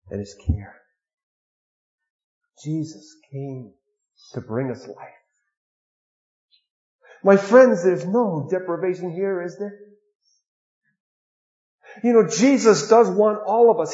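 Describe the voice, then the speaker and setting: Earnest preacher with a higher voice, echoey. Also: male voice, lo-fi sound. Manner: earnest, with sudden swings between hushed and emphatic. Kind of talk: sermon.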